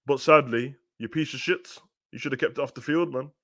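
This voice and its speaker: A young man talks over a live football match, loose and slangy in his asides. When the play heats up he gets loud and excited, calling the action at a mid-pitched level. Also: fairly quick. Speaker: watch-along host. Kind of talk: live football watch-along commentary.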